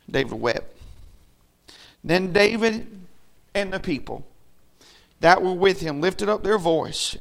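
A male pastor preaching a sermon, swinging from shouted exhortation to quiet, folksy talk. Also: a little high, vocal fry.

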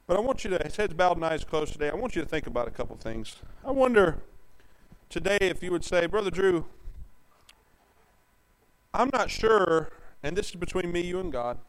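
A man preaching a sermon, emphatic and preachy, swinging from loud declarations to hushed asides and drawing out scripture slowly. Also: high-pitched, very animated, poor audio. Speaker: pastor.

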